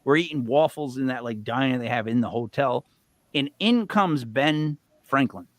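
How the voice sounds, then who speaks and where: Telling a lengthy, casual story as co-host of a live show, this middle-aged man rambles animatedly and shifts between loud bursts and muttered asides. Pitch is medium, speed normal, and the sound is dry.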